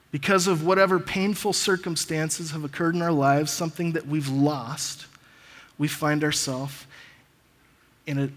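A man preaching a sermon as pastor and reading scripture aloud with pauses. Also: on the high side, fairly bright tone. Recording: long reverb of a large hall.

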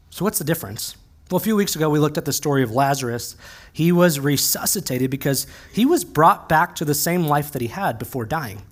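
A male pastor giving a conversational, earnest sermon, slowing down to stress key phrases. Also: on the high side.

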